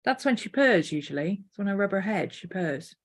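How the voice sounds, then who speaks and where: A woman artist thinking aloud as she sketches, unhurried, now and then cooing to her dog. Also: mid-range voice, animated. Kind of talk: casual art vlog narration. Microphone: desk mic.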